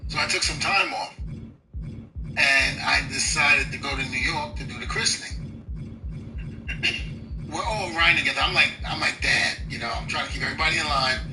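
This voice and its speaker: Give me an animated man telling a story, recorded from far off in a roomy space with loud noise. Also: a little high, moderate pace, pauses often. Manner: animated, acts out the voices of others in the story. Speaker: wrestler telling a backstage story. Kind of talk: casual storytelling on a podcast.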